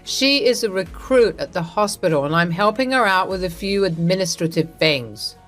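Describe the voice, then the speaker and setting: A woman's voice: on the low side, lively intonation, moderate pace, a bit bright, faint music behind. A woman voicing a cold, arrogant wealthy husband who mocks his wife in a dismissive way. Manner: mocking, dismissive.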